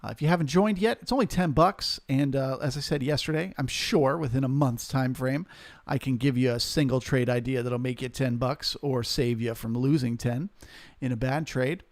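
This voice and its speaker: A man's voice: mid-range voice, moderate pace, no echo. A man hosting a live trading stream, giving casual, explanatory market commentary full of jargon into a close mic.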